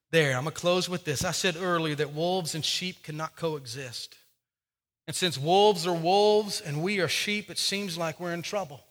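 A man preaching a sermon as pastor, repeating his key phrases and swinging between loud urging and quiet appeals. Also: high-pitched, long reverb tail. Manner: preaching with rising and falling intensity, repeating phrases. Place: church sanctuary.

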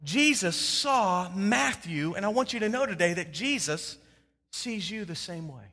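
Bright-voiced pastor preaching in an echoing hall. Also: male voice, high-pitched, animated, unhurried. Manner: dynamic, swings from loud emphasis to hushed tones. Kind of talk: sermon. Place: church sanctuary with a congregation. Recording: long hall reverb.

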